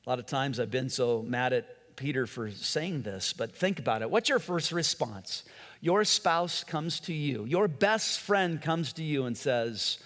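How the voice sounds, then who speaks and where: A man's voice: medium pitch, animated, moderate pace, fairly bright tone, long reverb tail. A man preaching a sermon in a conversational way, acting out quotes and often restarting his sentences. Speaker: pastor.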